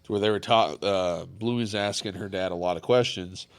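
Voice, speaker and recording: A man's voice: deep voice, moderate pace, clean tone. A man hosting a podcast, chatting casually and telling stories with jokes. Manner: joking, animated storyteller. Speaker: podcast host. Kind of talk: casual chat.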